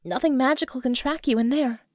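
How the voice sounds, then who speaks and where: A woman voicing a brisk, reassuring female mage in a storybook. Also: high voice, a little mellow, no room sound, studio quality, natural voice. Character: practical, kind female mage.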